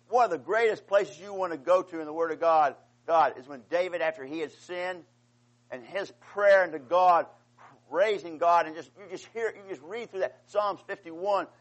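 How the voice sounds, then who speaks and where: A man preaching a sermon with passion, swinging from quiet explanation to loud, pleading outcries and calling out "amen" to his congregation. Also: high-pitched, low-quality recording. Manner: impassioned, rising to pleading outcries.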